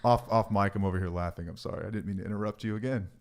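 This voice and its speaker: A man's voice: on the low side, racing. A man co-hosting a podcast, talking earnestly with joking asides. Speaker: podcast co-host. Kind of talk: casual chat.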